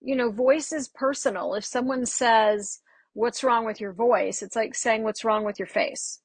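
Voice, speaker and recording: A woman who works as a dialect coach, speaking as a guest on a podcast. She tells lively stories and acts out the exchanges she quotes. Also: fairly high pitch, a little slow, husky, no echo. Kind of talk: casual interview chat.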